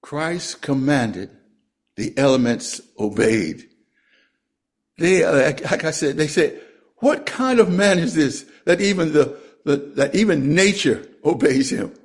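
A man preaching a sermon and reading scripture aloud, speaking slowly and deliberately and letting his voice fall at the end of phrases. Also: lively intonation. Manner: slow, deliberate, drops pitch at phrase ends.

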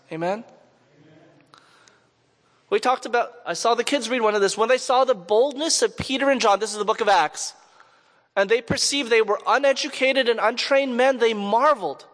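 Man, high voice, conversational sermon, asks the crowd questions, long hall reverb. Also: fairly bright tone. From Canada, Montreal. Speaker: preacher. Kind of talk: sermon with personal storytelling.

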